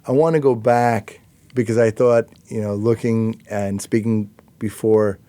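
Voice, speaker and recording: A male podcast host with a mellow, dark-toned voice, speaking reflectively and circling back on his words. The sound is dry and close. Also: lowish voice, steady tone, measured pace, no echo. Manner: reflective, with frequent fillers and restarts. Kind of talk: conversational interview.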